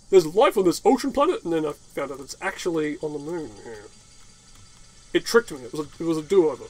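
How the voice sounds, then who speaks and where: A man giving rambling, unedited gameplay commentary, swearing, laughing and ranting as he talks. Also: on the high side. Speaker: gaming channel host.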